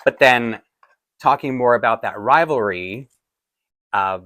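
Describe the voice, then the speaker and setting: A man's voice: mid-range voice, slow, sharp tone, no room sound. A man, from Toronto, chatting casually in a rambling, self-deprecating way as a doll collector vlogger. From Toronto, Canada. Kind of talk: casual chat.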